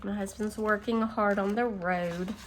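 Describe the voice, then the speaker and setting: A woman hosting a casual budgeting video, chatting and counting her savings out loud, easily amused. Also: mid-range voice, steady tone, measured pace. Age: adult. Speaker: budgeting channel host. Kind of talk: casual chat while scratching savings challenges. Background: faint engine noise from a utility vehicle outside.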